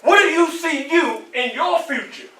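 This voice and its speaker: A man's voice: extremely high pitch, unhurried. Man, Southern accent, motivational speaker, call-and-response, roomy hall, distant mic. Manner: call-and-response, preachy and animated, asks the crowd questions. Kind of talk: motivational speech to students. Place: large echoey college hall. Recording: echoey hall, voice from far off.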